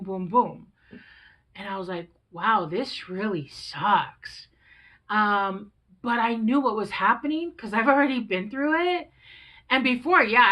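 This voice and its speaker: A woman's voice: medium pitch, fairly bright tone, poor audio. Candid, reassuring tarot reader woman. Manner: candid, conversational, swears freely; reassuring, coaching tone. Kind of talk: casual tarot reading.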